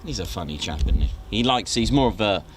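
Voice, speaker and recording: A man's voice: on the low side, lively intonation, brisk, heavy background noise. A man hosting a live stream, chatty and enthusiastic, with frequent fillers. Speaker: host.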